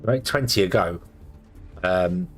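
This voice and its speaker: A man's voice: low voice, expressive, measured pace, faint music behind. A sleepy man casually commenting on his own gameplay, thinking aloud with lots of fillers. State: sleepy, yawning. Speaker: gameplay streamer.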